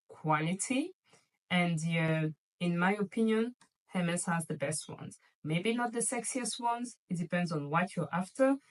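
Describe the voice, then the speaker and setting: A woman's voice: fairly low pitch, recorded from a distance, low-quality recording. A woman vlogger chatting casually and playfully to her viewers about luxury shopping, gushing over items. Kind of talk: casual chatty haul video.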